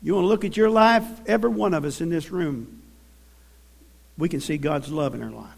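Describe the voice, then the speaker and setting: A man's voice: fairly high pitch, a little fast, vocal fry, a little mellow. A man with a Southern US accent preaching a sermon in a church, telling folksy stories and calling for amens. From American South. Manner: folksy storytelling with call-and-response.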